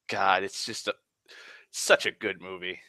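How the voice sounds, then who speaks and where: A man rambling casually on a live stream, excitable and sweary, sighing often. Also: sits low, dry recording. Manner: excitable, profane, sighs often.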